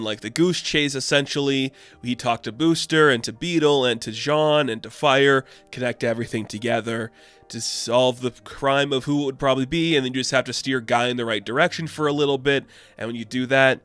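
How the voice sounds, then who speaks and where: A man's voice: mid-range voice, fairly bright tone, smooth. A man recapping and reviewing a comic issue in a chatty, opinionated way, full of "like". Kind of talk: casual recap and commentary.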